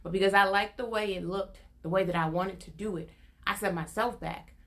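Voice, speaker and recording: A woman's voice: mid-range voice, steady tone, brisk. A young adult woman sharing an informal prophetic testimony, earnest and repetitive, her intensity building as she goes. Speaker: prophetic minister.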